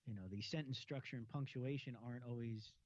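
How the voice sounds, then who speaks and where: Mellow-voiced male podcast host, easygoing, muffled audio. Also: mid-range voice, fast. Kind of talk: casual talk. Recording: dull, muffled sound.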